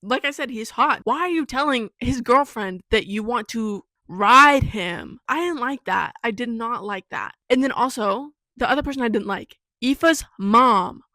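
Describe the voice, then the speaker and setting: A twenty-one-year-old woman talks through a book series in a casual vlog, animated and opinionated, hammering her points home by repeating them. Her voice sits a little high and very bright. The recording is dry and close, with no room sound. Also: normal speed, few pauses, no room sound. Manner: animated and opinionated, with emphatic repetition. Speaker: book reviewer.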